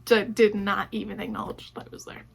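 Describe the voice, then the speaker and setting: A woman's voice: mid-range voice, flat delivery, brisk, creaky, husky. A woman vlogger talking casually about her own life, acting out what people said with many "like"s. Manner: conversational, acts out quoted dialogue with many "like"s. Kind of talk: casual personal storytelling.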